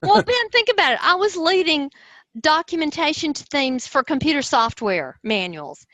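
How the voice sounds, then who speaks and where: An enthusiastic, expressive woman with a Southern US accent, explaining personality styles in conversation. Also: high voice, normal speed, dry recording, rough recording. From Southern United States. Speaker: host, personality-type teacher.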